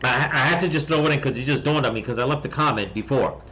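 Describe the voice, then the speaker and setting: A man's voice: mid-range voice, fast, sharp tone, rough recording. A man hosting a rambling political commentary, blunt and heated, swearing often, restarting his sentences and tagging them with "okay?". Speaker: political commentary channel host.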